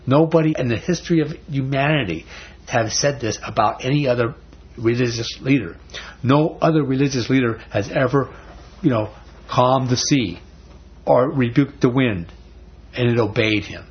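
A man's voice: medium pitch, moderate pace. A man teaching a Bible study in a conversational, folksy way, often restarting words. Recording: dull lo-fi recording.

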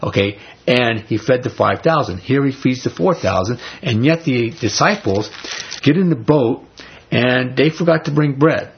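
A man preaching, reading scripture and then explaining it in a conversational, emphatic way, rising into animated paraphrase. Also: medium pitch, moderate pace, slight background noise. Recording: dull lo-fi recording.

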